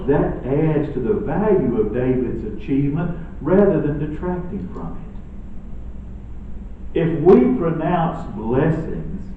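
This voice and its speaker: A male preacher delivers a sermon, swinging between big outbursts and quiet asides. His voice sits fairly high and rings around the sanctuary from some distance off the mic. The audio is thin and phone-like, with a faint hiss underneath. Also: heavy reverb. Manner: dramatic, swinging from loud to hushed. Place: church sanctuary.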